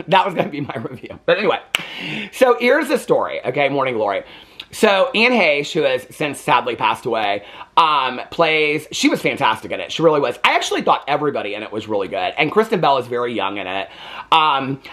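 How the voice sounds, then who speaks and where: Giggly rambling man with a lively voice. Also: a little high. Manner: chatty, giggly, tangents, lots of "like". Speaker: movie reviewer. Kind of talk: casual rambling review.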